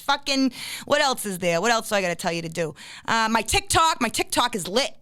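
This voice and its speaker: A woman's voice: a little high, very animated, normal speed, smooth, no echo, clean studio sound. Blunt, profane woman podcast host. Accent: New England. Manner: profane, blunt, breaks into shouts when worked up. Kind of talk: casual podcast chat.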